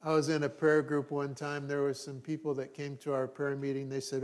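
A man's voice: mid-range voice, level tone, fairly quick, hardly any pauses. A middle-aged man, a pastor, giving a conversational sermon with wry humorous asides and frequent restarts.

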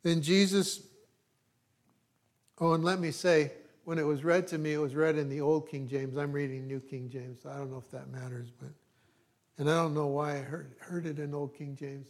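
A man preaching, reading scripture aloud with emphasis and breaking off into quiet, conversational asides. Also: fairly high pitch, fairly even intonation, normal speed.

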